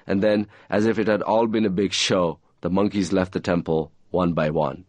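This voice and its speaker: Low-voiced man reading fiction aloud. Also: steady tone, moderate pace, a little mellow, dry recording. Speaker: author reading his novel.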